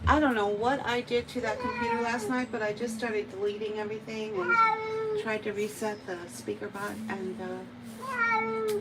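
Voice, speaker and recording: A woman's voice: a little high, sing-song, moderate pace, very noisy. A woman cat groomer chatting on a live stream, cooing baby talk to the cat she grooms.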